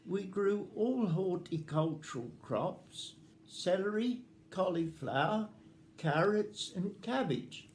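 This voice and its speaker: An older man speaks slowly and deliberately, stressing words with open indignation. A faint hum of noise sits behind his voice. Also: sits high, a little mellow. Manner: slow, emphatic and indignant. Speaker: retired farmer guest. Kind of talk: prepared statement at a community event.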